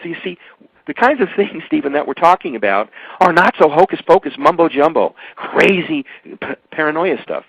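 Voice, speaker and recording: An older man, an author being interviewed on the radio, talking emphatically and at rambling length, his pitch jumping suddenly. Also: big pitch swings, a little fast, vocal fry, a bit bright, breathy edge, no room sound. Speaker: author and guest. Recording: dull, dry radio audio.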